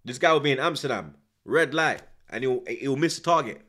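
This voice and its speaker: A man's voice: mid-range voice, animated, brisk, pushed and bright. A man hosting a football watchalong, ranting with heavy swearing and street slang. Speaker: host.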